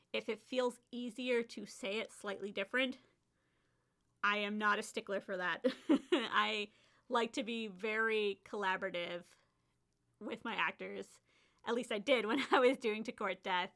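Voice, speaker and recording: Bright-voiced woman, chatty and laughing. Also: medium pitch, normal speed. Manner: chatty, laughs often, acts out her own quotes. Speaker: podcast host and author. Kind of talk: casual solo podcast talk.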